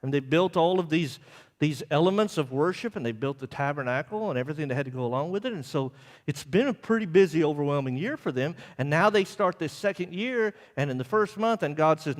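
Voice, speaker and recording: A man's voice: fairly high pitch, lively intonation, brisk. A man preaching a Bible class sermon in a conversational way, often checking in with his listeners. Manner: conversational, asks the congregation "right?" often. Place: church. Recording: church live stream with long hall reverb.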